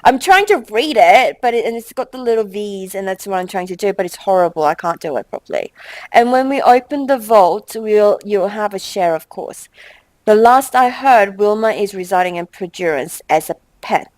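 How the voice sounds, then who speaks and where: A young woman hosts a gameplay session at a mid pitch, talking in a chatty, exasperated way and reading the game's text aloud between her own asides. Her voice is close to the mic and completely dry, with no room sound at all. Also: animated, moderate pace, a little mellow, no echo, poor audio. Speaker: let's play host.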